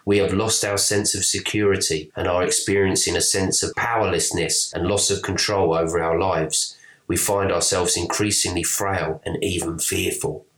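A man co-hosting a casual podcast, talking in an animated way, swearing and laughing as he reads quotes aloud. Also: low voice, moderate pace, reverberant. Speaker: podcast co-host. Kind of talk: casual conspiracy podcast chat.

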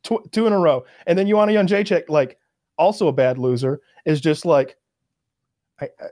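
A man's voice: a little high, moderate pace. A man chatting casually on a podcast, telling fight stories and acting out what people said. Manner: animated storyteller acting out quotes.

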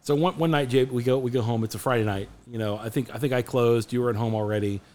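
A man co-hosting a podcast, telling a story in casual chat, animated and often restarting his sentences. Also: medium pitch, quick pace. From Phoenix area, USA. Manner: animated, restarts a lot, acts out quotes. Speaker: podcast co-host.

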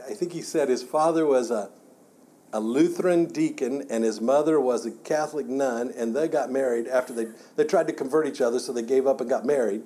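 A man's voice: mid-range voice, warm tone. A man teaching a church Bible class in a conversational way, often repeating words and restarting his sentences.

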